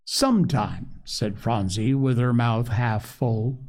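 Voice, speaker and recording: A man reading a children's story aloud, gentle, expressive and unhurried. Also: medium pitch, creaky.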